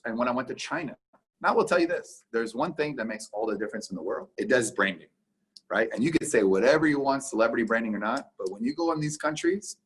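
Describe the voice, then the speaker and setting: A Canadian guest on a business podcast has a mid-range, slightly bright voice with a husky, somewhat rough texture. The interview is casual, and he's emphatic throughout, playing out quick back-and-forth exchanges in different voices.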